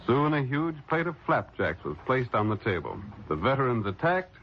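A man narrating a 1940s radio drama in an expressive storytelling manner. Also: mid-range voice, normal speed, a little hiss or hum. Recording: lo-fi old radio recording with music.

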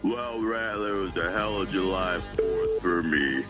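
A man's voice: low voice, a little slow, over music. A male caller phoning in to a radio show, rowdy and laughing between lines. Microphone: phone call into radio.

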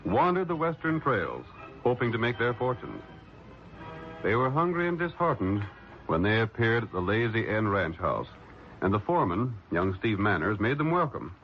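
A man narrating a 1940s radio drama in an expressive storytelling manner. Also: fairly low pitch, normal speed. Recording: lo-fi old radio recording with music.

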